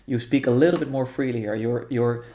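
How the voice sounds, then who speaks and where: Here a man with a mellow, medium-pitched voice is the guest leading a meditation practice, explaining it conversationally. His speech is thoughtful but halting, full of restarts and fillers.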